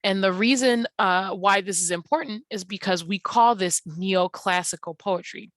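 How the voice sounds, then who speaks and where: A woman's voice: mid-range voice, normal speed, fairly bright tone, no echo. A woman teacher talking through lecture slides, explaining patiently with frequent ums and uhs. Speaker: English teacher.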